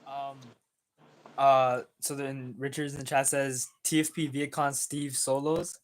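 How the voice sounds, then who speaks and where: A young man co-hosting a livestream, casually reading out chat comments with many pauses and fillers. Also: medium pitch, flat delivery, low-quality recording. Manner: easygoing, hesitant, many fillers.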